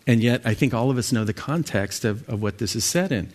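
A man's voice: medium pitch, brisk, a little mellow. A man leading an evening Bible study as pastor, talking through scripture in a conversational way with fillers and restarts.

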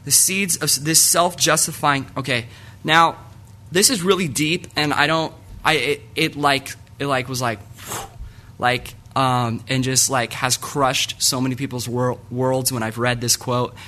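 A man's voice: mid-range voice, fairly even intonation, unhurried, sharp tone. A young adult man preaching a sermon to a live audience in a church hall, casual and rambling, joking and filling gaps with ums. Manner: casual, rambling, jokey with frequent fillers.

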